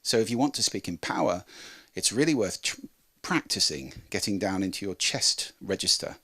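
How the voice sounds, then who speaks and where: A man presenting a talk on how to speak, demonstrating with lively changes of pitch and volume. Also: normal speed. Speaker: speaker on voice and communication.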